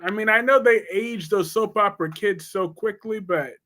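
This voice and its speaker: A man's voice: high voice, moderate pace, pushed and bright. A man hosting a casual live stream about soap operas. He talks bluntly and chattily and reads out viewer comments as he goes.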